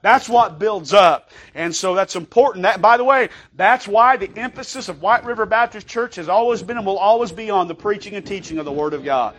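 Man, pastor, high-pitched, emphatic sermon, amen-seeking, conversational preaching. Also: fairly bright tone. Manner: emphatic, calls for amens, reads scripture slowly.

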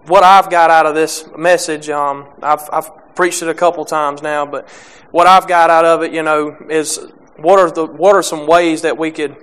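A young man preaching a sermon, halting with many restarts and fillers, reading scripture and speaking plainly about faith. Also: a little high, fairly even intonation, fairly bright tone, smooth.

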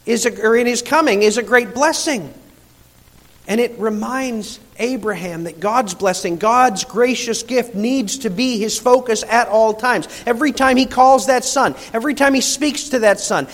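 A man preaching a sermon, emphatic and deliberate, slowing down to stress key phrases. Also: high voice. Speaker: pastor. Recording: reverberant hall.

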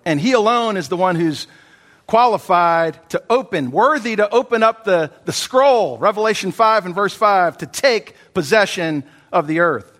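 A man's voice: high-pitched, animated, normal speed, fairly bright tone. A man preaching an expository sermon, emphatic, repeating key phrases and chuckling between points. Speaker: pastor. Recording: long hall reverb.

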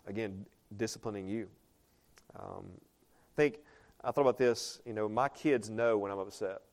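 A man's voice: on the low side, fairly even intonation, unhurried, vocal fry, pauses often, a little mellow. A man preaching a sermon, talking conversationally, asking the congregation questions and reading scripture aloud. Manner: reads scripture aloud in older English. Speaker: pastor.

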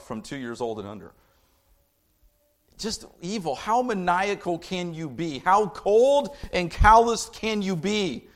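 A middle-aged man delivers a sermon with a somewhat raised pitch. He reads scripture low and measured, then climbs into impassioned, fired-up stretches before settling down again. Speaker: preacher.

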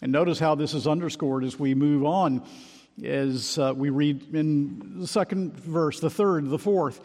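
Man, preacher, expository sermon, emphatic, measured, slightly high voice, long hall echo. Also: a little mellow.

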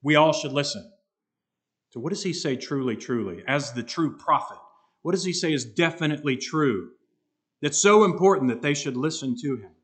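A man preaching an expository sermon, earnest and emphatic, slowing down to stress key words. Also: a little high, lively intonation. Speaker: pastor.

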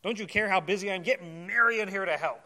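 A man's voice: high-pitched, fast talker, sharp tone, pitched above the performer's own voice. A man voicing a frazzled, self-pitying woman who complains that she is left to do all the serving. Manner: complaining, exasperated.

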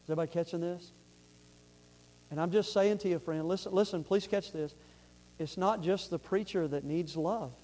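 A man's voice: sits high, moderate pace, pauses often, a little mellow. A man preaching a fervent sermon, repeating words and asking the congregation if they follow.

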